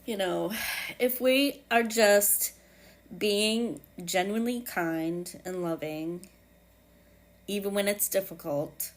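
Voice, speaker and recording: A woman with a New England accent hosting her own podcast, reflecting in a casual, halting way with many fillers and restarts. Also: mid-range voice. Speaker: podcast host.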